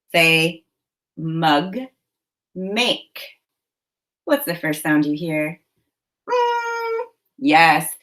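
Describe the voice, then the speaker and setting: A woman teaching a phonics lesson for children, giving slow, clear, encouraging prompts. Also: on the low side, fairly bright tone, low-quality recording.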